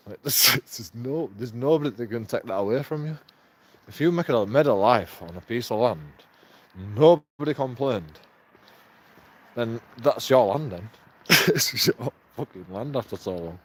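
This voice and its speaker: A man rambles through a casual vlog monologue at a middling pitch. He swears freely and breaks into chuckles as he talks. A faint hum of a moving vehicle sits underneath. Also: animated, unhurried. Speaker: vlogger.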